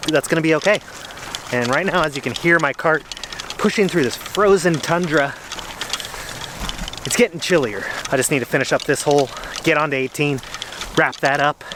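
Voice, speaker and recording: A man's voice: fairly high pitch, normal speed, pauses often, background noise. A man vlogging as he plays a round of golf outdoors in the cold, slightly out of breath and self-deprecating. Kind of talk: casual talk to camera while golfing.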